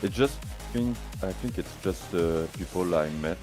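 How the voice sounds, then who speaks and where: A man's voice: low voice, measured pace, over music. A man from France speaking English with a French accent as a podcast co-host, hesitant and full of fillers. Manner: hesitant, many fillers, non-native grammar. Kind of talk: casual podcast chat.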